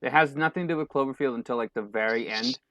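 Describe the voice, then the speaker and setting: Male co-host, animated storyteller, bright tense voice, dry close mic. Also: mid-range voice, quick pace, no room sound. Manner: animated storyteller who acts out quotes. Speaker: podcast co-host. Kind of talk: casual chat.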